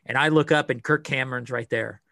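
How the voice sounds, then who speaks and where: A man's voice: medium pitch, brisk, creaky, bright, forceful tone, dry recording. A man co-hosting a podcast in easygoing casual chat, often giving short replies. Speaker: podcast co-host.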